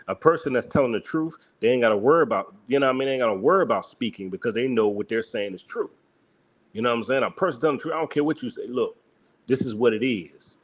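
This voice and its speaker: A man's voice: medium pitch, expressive, fast. A man hosting a reaction commentary, talking emphatically and often breaking into mocking laughter. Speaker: host.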